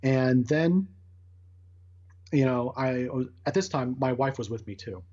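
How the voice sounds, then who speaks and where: A man's voice: medium pitch, measured pace, dark tone. A man in his thirties, a guest in an interview, earnestly recounting a personal experience with many restarts. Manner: earnest, rambling with restarts and acted-out quotes. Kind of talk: casual storytelling interview. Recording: muffled lo-fi audio.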